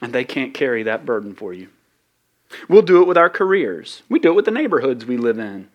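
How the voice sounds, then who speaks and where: A man preaching a sermon as pastor, conversational and animated, rising to loud peaks and dropping low. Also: a little fast, muffled recording.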